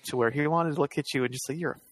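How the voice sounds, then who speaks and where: A man's voice: medium pitch, racing, dry recording. A man co-hosting a podcast, telling school stories in casual chat and laughing as he goes. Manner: animated anecdote-teller who laughs through his stories. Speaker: podcast co-host.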